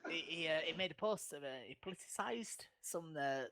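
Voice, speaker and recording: A man's voice: on the high side, lively intonation, fairly quick, pushed and bright. A man co-hosting a podcast in casual chat, blunt and swearing freely.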